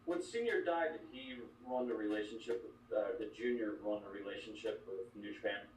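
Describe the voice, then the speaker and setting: A male interviewer puts out short, prompting questions at a brisk clip. He sits away from the mic in an echoey room, with a little background noise. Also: lowish voice, far from the mic.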